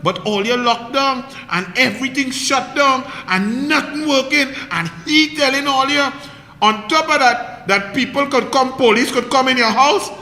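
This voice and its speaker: A Trinidadian man rants about politics in a bright, high voice, mocking and combative, throwing out rhetorical questions. His voice rings around an echoey room with a long reverb tail. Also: a little slow. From Trinidad and Tobago. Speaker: political commentator. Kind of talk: heated political monologue.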